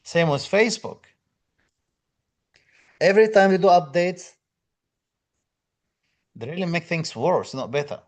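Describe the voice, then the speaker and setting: A male lecturer with a slightly high voice talks casually on a live stream. He greets viewers one by one, reads out their comments and answers them in loose, filler-heavy English. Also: animated, a little slow, long pauses. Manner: non-native English phrasing with fillers. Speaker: exam prep lecturer.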